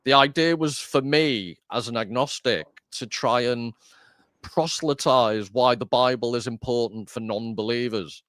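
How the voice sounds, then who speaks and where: A man's voice: mid-range voice, measured pace, fairly bright tone, no room sound, studio quality. A man hosting a casual discussion, chatty and self-deprecating, often rambling. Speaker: host.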